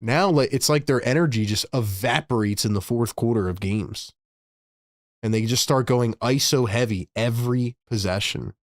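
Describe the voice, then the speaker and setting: A man's voice: mid-range voice, moderate pace, no echo, clean studio sound. Exasperated man calling the game. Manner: exasperated, scolds the team loudly. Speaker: host calling live play-by-play. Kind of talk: fan play-by-play and rant.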